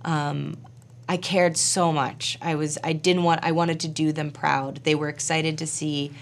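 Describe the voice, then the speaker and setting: Gravelly, low-voiced woman telling a story. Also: unhurried, slight background noise. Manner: animated, chatty, full of fillers and quoted asides. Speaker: actor and film director. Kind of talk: casual interview storytelling.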